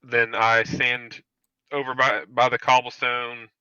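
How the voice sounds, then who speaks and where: A man's voice: mid-range voice, flat delivery, takes it slowly, pushed and bright, clean tone, no room sound. A man playing in a tabletop game, talking casually and hesitantly with many uhs. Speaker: player. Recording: dull lo-fi mic.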